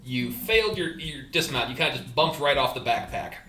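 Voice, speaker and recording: A man narrating a tabletop game as game master, animated and laughing as he describes events. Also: on the high side, brisk, echoey room.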